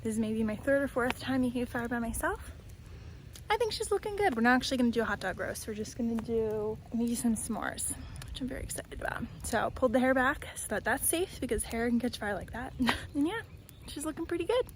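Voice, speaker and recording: A woman's voice: a little high, animated, a little fast, slight background noise, low-quality recording. Bubbly young woman vlogging. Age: young adult. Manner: bubbly and chatty, laughs often. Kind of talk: casual vlog chat.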